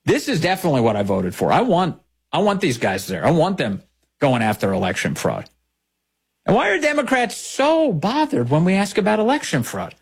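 Husky sarcastic male talk host. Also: huge pitch swings, moderate pace. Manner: sarcastic, mocking, swings pitch widely for emphasis. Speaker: political talk show host. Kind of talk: opinionated political commentary.

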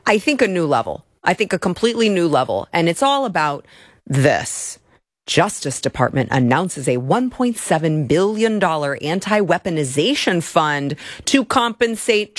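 A woman's voice: deep voice, no room sound, clean studio sound. A woman hosting a political talk show, speaking in a sarcastic, mocking way. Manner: sarcastic, mocking impressions of opponents.

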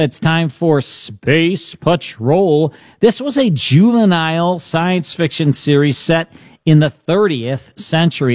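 A man's voice: mid-range voice, a little mellow, no room sound, clean studio sound. A male host of a classic radio show podcast, chatting and joking with his co-host. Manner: jokey, chatty. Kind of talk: casual podcast chat and ad read.

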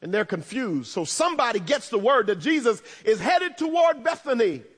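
A man preaching a sermon as pastor, in a conversational style with humorous asides, swinging between loud emphasis and hushed tones. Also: extremely high pitch, very animated, moderate pace, slightly rough. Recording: long reverb of a large hall.

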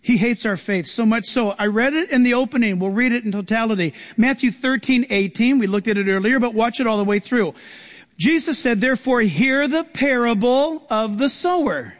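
A man's voice: extremely high pitch, normal speed, in a large hall. A man preaching a sermon, reading scripture and acting out the voices of the people in it. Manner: animated, acts out quoted voices.

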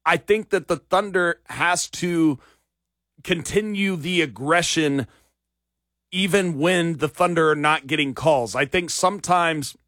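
A man's voice: fairly high pitch, unhurried, fairly bright tone, no room sound, clean studio sound. A man hosting a sports talk radio show, giving opinions in a conversational way with many fillers, his voice wearing out. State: losing his voice. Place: radio studio.

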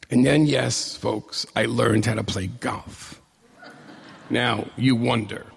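A middle-aged man telling a personal story to an audience in a conversational, humorous, animated way. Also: mid-range voice, gravelly, husky. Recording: long hall reverb.

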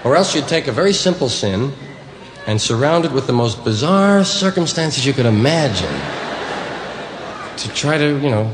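A man doing stand-up, recalling his school days in a measured, wry, explaining way. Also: mid-range voice, sing-song, slight background noise. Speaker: comedian. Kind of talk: stand-up storytelling. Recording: echoey hall with long reverb.

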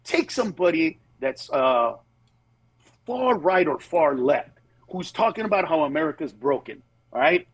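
A man's voice: a little high, unhurried, slightly rough, no echo, poor audio. A male comedian on a phone-in radio interview, telling stories animatedly and acting out other people's voices, often restarting his sentences. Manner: animated storytelling, acts out voices, many restarts. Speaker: comedian guest. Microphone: phone or Bluetooth line.

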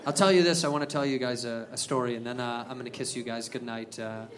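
A man doing a stand-up comedy set, telling an animated story that builds to shouted punchlines. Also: mid-range voice, fast talker. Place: comedy venue stage. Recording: live club set, crowd laughter. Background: audience laughing.

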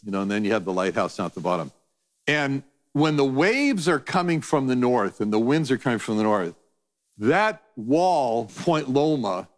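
A man giving a conversational sermon as a Bible teacher, telling stories animatedly and acting out voices. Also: mid-range voice. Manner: animated storytelling, acts out voices.

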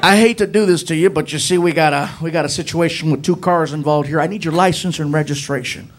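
A man voicing a friendly highway cop who turns excited on recognizing a comedian. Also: fast talker, background noise, natural voice. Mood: starstruck. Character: friendly male highway cop, starstruck fan.

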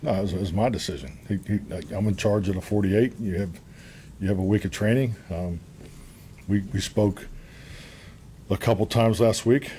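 A head coach answers the media, his low, mellow voice moving at an unhurried, matter-of-fact pace. He breaks off and repeats words as he gathers his thoughts. Faint background noise hangs behind the press-room recording. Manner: halting, repeats words as he restarts.

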